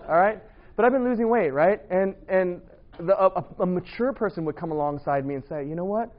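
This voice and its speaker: Male preacher with a high voice, playful and animated, muffled dull sound. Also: a little fast. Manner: animated storytelling, playful, laughing asides. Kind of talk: humorous sermon.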